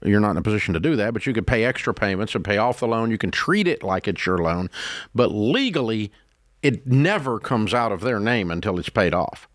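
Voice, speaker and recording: A man, hosting a call-in advice show, blunt and emphatic, his pitch climbing as he rants. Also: animated, fairly quick, no echo, clean studio sound. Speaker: radio show host.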